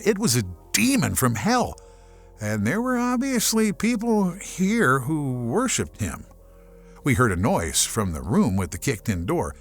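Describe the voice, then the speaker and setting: A man from Germany narrating a horror audiobook as a scripted, expressive storyteller. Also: fairly high pitch.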